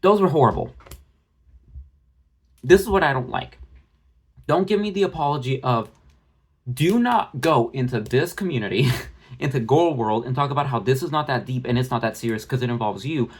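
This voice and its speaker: A man's voice: mid-range voice, lively intonation, normal speed, long pauses, slightly rough. Man ranting bluntly into a phone. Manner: blunt, profane, rambling with restarts. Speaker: drama commentary vlogger. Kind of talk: ranting commentary.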